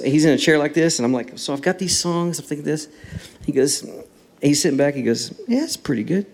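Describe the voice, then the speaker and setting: A man, a songwriter and guest, telling stories in a casual interview and acting out the dialogue. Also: medium pitch. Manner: animated storyteller acting out dialogue.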